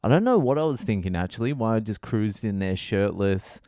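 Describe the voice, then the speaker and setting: A man's voice: fairly low pitch, animated, brisk, dark tone, no room sound, studio quality. A man hosting his own podcast, telling a comic story in a profane, rambling, self-mocking way. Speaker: podcast host, comedian.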